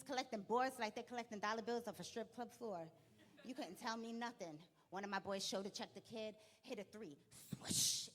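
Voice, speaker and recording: A young woman telling an animated stand-up story on a comedy club stage, acting out people in quick bursts. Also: mid-range voice.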